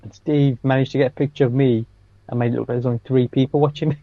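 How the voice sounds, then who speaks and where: A man's voice: mid-range voice, steady tone, quick pace, no room sound, lo-fi sound. A man co-hosting a podcast, chatting casually and telling anecdotes with frequent laughs. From England. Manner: anecdotal storyteller, laughs often. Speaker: podcast co-host, stand-up comedian. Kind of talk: casual chat.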